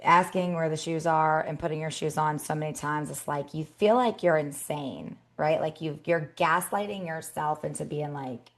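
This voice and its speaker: A woman in her thirties co-hosting a podcast in casual chat, animated and acting out scolding her kids. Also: deep voice, moderate pace, few pauses. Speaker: podcast co-host.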